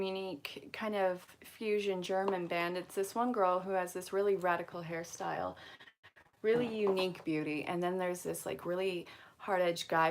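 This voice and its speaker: A woman from Vermont with an accent blending Vermont and New York, hosting a casual angel card reading and chatting with her viewers as she goes. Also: lowish voice. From Vermont, USA. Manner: chatty, rambling, talks to viewers between cards. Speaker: angel card reader, host.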